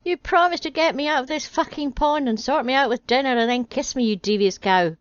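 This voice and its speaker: A woman's voice: high-pitched, a little fast, no room sound, pitched above the performer's own voice, lightly acted. A crude, cheeky male frog from a storybook parody, voiced by a woman, who talks in a brash, mocking, slangy way. The recording is dull and dry.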